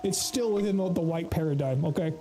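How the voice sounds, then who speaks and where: A man's voice: a little high, a little fast, over music, low-quality recording. An American man streaming a game, chatting loosely, swearing freely and laughing often. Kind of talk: casual gaming livestream commentary.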